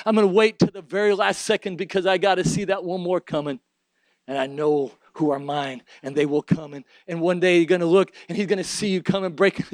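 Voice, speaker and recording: A man's voice: high voice, no room sound, rough recording. A man preaching a sermon and leading an altar prayer, fervent and emphatic, with repeated phrases.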